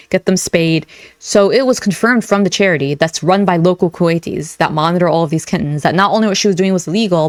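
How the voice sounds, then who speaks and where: A woman's voice: on the low side, no echo. Indignant woman commentating, dry sound. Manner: indignant, blunt. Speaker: reaction commentator. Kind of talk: commentary reaction.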